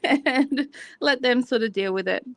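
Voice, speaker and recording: A woman's voice: high-pitched, a little slow, no echo. An Australian woman co-hosting a craft chat channel, rambling and giggly in casual chat. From North Queensland, Australia. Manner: chatty, rambling, giggly, self-conscious.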